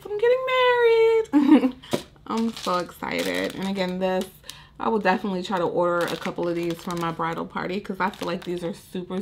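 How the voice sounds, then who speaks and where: A woman's voice: on the low side, creaky, a little hiss or hum. Gushing young woman unboxing gifts. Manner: gushing, excitable, says "so cute" and "little" a lot. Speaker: vlogger. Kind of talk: casual unboxing vlog.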